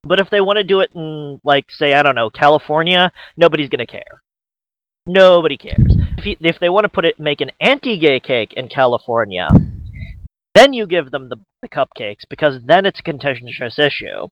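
A man with a slightly raised pitch rambles and jokes through a casual podcast chat, stopping and restarting as he goes. The sound is dull and lo-fi, close and dry with no room around it. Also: expressive, normal speed, no echo. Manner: rambling and joking, with restarts and mock quotes. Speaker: podcast co-host.

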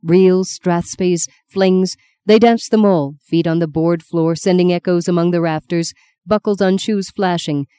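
A woman reading a novel aloud as an audiobook narrator, in a lyrical, measured storytelling manner. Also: lowish voice, steady tone, warm tone, smooth, dry recording. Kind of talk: scripted narration.

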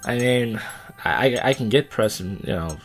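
A man's voice: medium pitch, expressive, moderate pace, soft background music. A man hosting a casual solo podcast, rambling loosely with profane, wry asides, recorded outdoors in a city on a phone. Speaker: podcast host.

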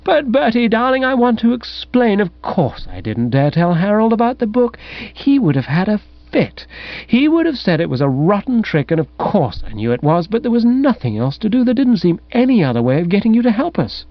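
A man voicing a young upper-class woman who pleads and wheedles in a raised, lively voice. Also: high voice, fairly quick, no room sound, voice pushed up. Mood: pleading. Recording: dull, dry recording.

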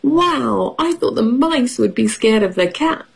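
A woman's voice: fairly high pitch, expressive, measured pace, vocal fry, husky. A woman teaching English on the radio, reading a children's storybook playfully, with sound effects and questions for the children.

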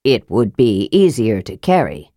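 A woman voicing a gruff, grumbling old male dwarf in an audiobook, blunt in manner. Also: extremely low pitch, very animated, unhurried, dark tone, dry recording, clean studio sound, pitched below the performer's own voice, exaggerated voice. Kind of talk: audiobook character voice.

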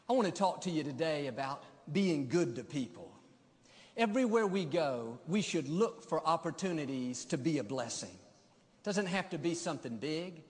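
Brief: male pastor, higher voice, emphatic sermon delivery, long reverb of a big church. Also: expressive, normal speed. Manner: emphatic preaching cadence.

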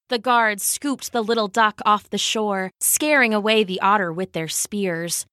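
A woman with a medium-pitched voice reads a children's story aloud, slow and expressive in a storytelling style. The recording is studio quality with no echo.

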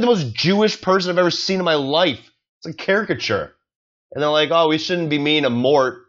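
A man's voice: medium pitch, fairly bright tone, highs cut off. A young man hosting a solo comedy podcast, rambling sarcastically and swearing often. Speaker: podcast host.

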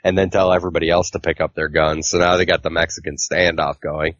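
A man's voice: low voice, little pitch movement, fast talker, fairly bright tone, dry recording. A man co-hosting a casual comic book podcast, recapping a story in a rambling way with lots of fillers. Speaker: podcast co-host. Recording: dull, lo-fi mic.

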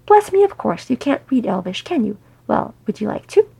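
A woman's voice: fairly high pitch, very animated, normal speed, vocal fry, warm tone, breathy edge, exaggerated voice. A woman voicing an old male hobbit who is fussy, kindly and rambling.

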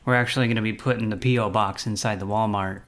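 A man making prank phone calls, taunting and teasing the people he calls in a calm voice. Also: fairly low pitch, fast, noisy background. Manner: mocking, taunting, calmly teasing. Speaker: prank caller.

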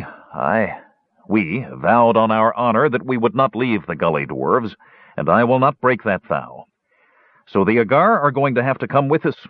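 A gruff, stubborn old dwarf, as a male reader puts him on, talks bluntly with a husky, lively delivery. The recording is dull and dry. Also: on the low side, no room sound.

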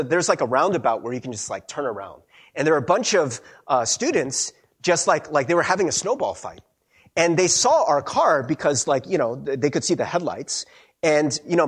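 A young man preaching a sermon as a pastor, telling stories in a chatty, animated way with frequent laughs and a husky voice. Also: fairly high pitch.

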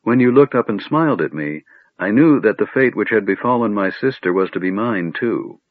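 A man voicing a gentle, sorrowful young elf woman who speaks softly. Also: on the low side, lively intonation, moderate pace, dry recording, phone-quality sound. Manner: soft, sad.

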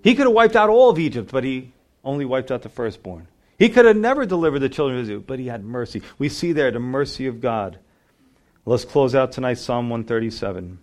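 A male pastor preaching a sermon, reading scripture aloud and swinging between fervent emphasis and quiet, low stress. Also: very animated, a little fast.

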